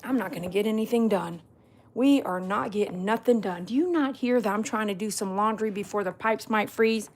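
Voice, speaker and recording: A vlogger and dog groomer chats playfully with her dogs at home indoors, scolding them and laughing often. Her voice is medium-pitched and fairly quick, with slight background noise.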